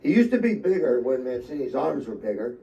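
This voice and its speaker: A man hosts a podcast and keeps things loose and joking, echoing each question before he answers it. His voice is warm and mellow. He sounds like he's sitting a little distance away from the microphone. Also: medium pitch, sing-song, fairly quick, gravelly. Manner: playful, repeats the questions aloud. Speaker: podcast host. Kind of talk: casual chat. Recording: distant from the mic.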